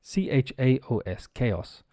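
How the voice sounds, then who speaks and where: A middle-aged Irish man leads a live English pronunciation class. His voice is mellow and sits at a middle pitch, heard close and dry with no room around it. He explains patiently, drawing sounds out and spelling words letter by letter. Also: moderate pace, no echo. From Ireland. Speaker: English teacher. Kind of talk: live-stream pronunciation lesson.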